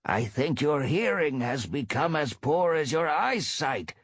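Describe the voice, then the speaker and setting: A man voicing an impatient, gossipy old tom cat elder, pitched a little above his own voice. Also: sing-song, measured pace, slightly rough, dry recording, full character voice. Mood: testy. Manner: testy and gossipy.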